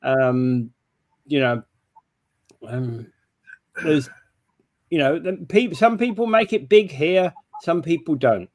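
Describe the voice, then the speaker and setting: A man co-hosting a local talk show in casual chat, with an agreeable manner, quick to chime in with affirmations. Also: a little high, animated, darkish tone, no echo.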